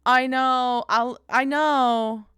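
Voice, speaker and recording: Bubbly girl streamer chatting w chat, super bright voice, dry close sound. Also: high-pitched, fairly even intonation, drawn-out words, clean tone, dry recording. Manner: bubbly, bursts into loud panicked squeals and laughter; calls viewers darling. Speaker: game streamer. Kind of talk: casual live-stream chat.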